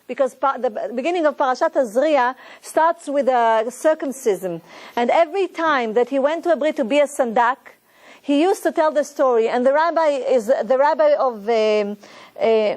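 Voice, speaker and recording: Earnest high-voiced woman teaching. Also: a little mellow. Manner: earnest, preaching, retells stories with quoted voices. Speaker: Torah teacher. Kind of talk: lesson to a women's group.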